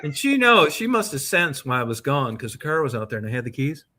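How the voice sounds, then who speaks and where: A man's voice: mid-range voice, very animated, a little fast, very noisy. A man co-hosting a podcast, telling a long, profane anecdote in casual, rambling chat. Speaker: podcast co-host. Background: co-host's short reactions.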